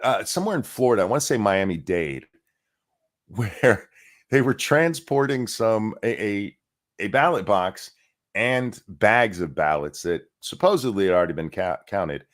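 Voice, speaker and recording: A man's voice: lowish voice, animated, measured pace. A man hosting a casual livestream, rambling and sarcastic, swearing freely and restarting his sentences often. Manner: rambling and profane, with frequent restarts. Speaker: livestream host.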